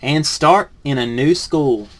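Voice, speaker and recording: A man, a teacher in training, reads a picture book aloud with lively rises on the punchlines, then reviews it softly and hesitantly. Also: a little high, slow, slight background noise. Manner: lively storybook reading, rising on punchlines, then soft and hesitant when reviewing.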